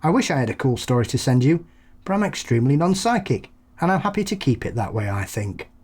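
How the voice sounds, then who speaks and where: A man's voice: mid-range voice, very animated, fast, a little mellow, husky. A man co-hosting a podcast in casual chat, telling anecdotes, laughing often. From England. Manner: chatty, laughs often, acts out voices in anecdotes. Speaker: podcast co-host.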